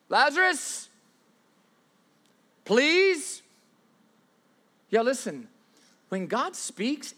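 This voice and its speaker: A man preaching with a high, bright voice that leaps up and down in pitch. He drives his points hard, dropping to a hush and then rising loud again. He often stumbles into repeated words as he restarts his sentences. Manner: emphatic, dramatic swings from loud to hushed; repeats himself and stammers on restarts. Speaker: pastor. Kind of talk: sermon.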